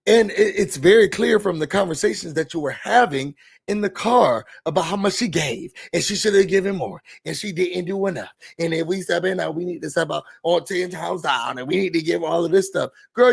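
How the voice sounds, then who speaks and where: High, gravelly-voiced man ranting. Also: normal speed. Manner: animated, sassy, blunt. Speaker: reality TV recap host. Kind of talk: ranting recap and review.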